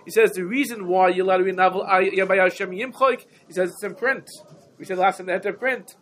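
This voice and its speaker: High-voiced man teaching a shiur. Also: fairly even intonation, fast, fairly bright tone, poor audio. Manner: rhetorical questions, emphatic repetition, Yiddish-Hebrew terms. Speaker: Torah teacher. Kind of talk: Talmudic shiur lecture.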